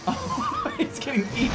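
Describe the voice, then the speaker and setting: A man streaming a game, excitable and profane, often laughing and yelping into a desk microphone. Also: extremely high pitch, heavy background noise. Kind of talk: gaming livestream commentary.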